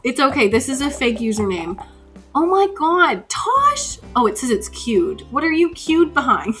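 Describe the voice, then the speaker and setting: A woman hosting a live stream, chatting casually and rambly while she plays, reading viewers' names and getting excited. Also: sits high, takes it slowly, husky, soft background music. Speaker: livestream host.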